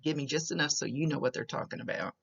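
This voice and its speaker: A woman psychic medium talks a client through a reading and relays images as they come to her, with many small restarts. Her voice has a gravelly edge. The recording is dull and lo-fi. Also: low voice, fast. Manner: chatty, describing visions as they come with restarts.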